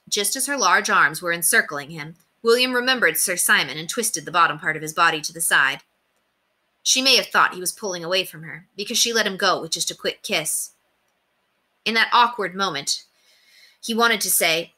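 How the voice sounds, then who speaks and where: A woman reading a children's novel aloud as a teacher, giving the characters expressive voices. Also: lowish voice, moderate pace. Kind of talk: storybook read-aloud.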